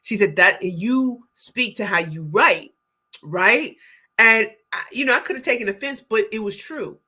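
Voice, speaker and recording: Excitable woman livestream host, bright ringing voice, hollers out names of viewers. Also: mid-range voice, a little slow, breathy edge. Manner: energetic, exclamatory, shouts out viewers by name. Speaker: livestream host, book pitch coach. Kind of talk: casual livestream chat reading comments.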